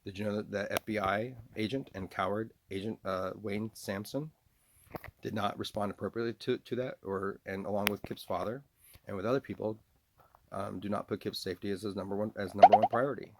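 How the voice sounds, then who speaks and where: A man with a lowish, gravelly voice delivers a rambling solo monologue to camera. He keeps asking rhetorical questions, breaking off, restarting and filling gaps with "uh". A faint hiss sits under the recording. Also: steady tone. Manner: repeated rhetorical questions with halting fillers and restarts. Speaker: video blogger.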